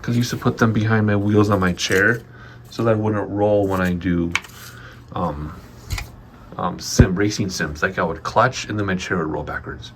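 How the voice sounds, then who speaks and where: A man with a lowish, fairly even voice talks at a normal pace over a faint hiss or hum. He gives a chatty, rambling walkthrough of his home office studio for a casual vlog, slightly out of breath and using lots of ums.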